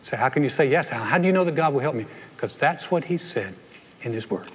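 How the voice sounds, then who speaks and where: Animated pastor in a reverberant hall. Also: male voice, medium pitch, fast talker, breathy edge. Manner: animated, acts out playful voices. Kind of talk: sermon. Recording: long reverb of a large hall.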